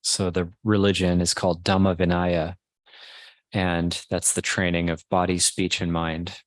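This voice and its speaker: A man, a Buddhist monk, giving a Dhamma talk at a meditation retreat, teaching slowly and pausing often. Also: sits low, little pitch movement, no room sound. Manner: slow, measured teaching with pauses and restarts.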